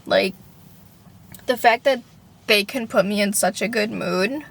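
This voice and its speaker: A woman's voice: medium pitch, measured pace, vocal fry. A young woman talking casually to camera in a personal vlog, rambling, filling with "like" and swearing freely. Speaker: vlogger.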